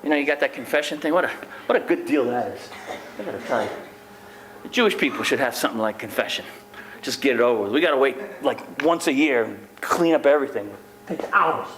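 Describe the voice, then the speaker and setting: A man's voice: mid-range voice, lively intonation, quick pace, fairly bright tone. A middle-aged man who is a sports sociologist, giving a joking, rambling public lecture full of asides to the crowd. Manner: wisecracking, chatty, rambling asides. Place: lecture hall. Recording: echoey hall with noise.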